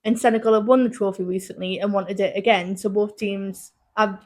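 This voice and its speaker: A woman's voice: mid-range voice, fairly even intonation, fairly quick. A woman co-hosting a podcast, chatting casually and laughing often as she stumbles through her own loose script. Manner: giggly, rambling, often laughing mid-sentence. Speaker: podcast co-host.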